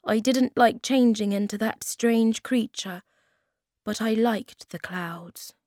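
A woman voicing a gentle, earnest young male troll in a storybook reading, with an eager, slightly raised voice. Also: fairly high pitch, slow pace, no echo, pitched above the performer's own voice.

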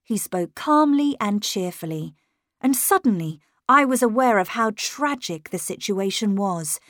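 A woman narrating a first-person story in a measured, unhurried storytelling manner. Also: mid-range voice, lively intonation, fairly bright tone, dry recording, clean studio sound. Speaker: audiobook narrator.

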